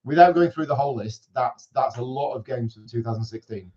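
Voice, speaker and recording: A man's voice: mid-range voice, a little fast, a little mellow. A man hosting a board game stream, easygoing in casual chat, often giving short agreeing replies. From Devon, England. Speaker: channel host. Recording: dull lo-fi stream audio.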